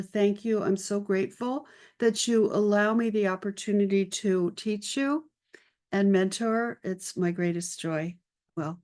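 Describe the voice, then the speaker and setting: Upbeat lady host on a zoom live, greets folks by name, unhurried. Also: mid-range voice, a little mellow. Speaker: art career mentor hosting a live session. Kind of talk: live-stream chat with viewers. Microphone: video call.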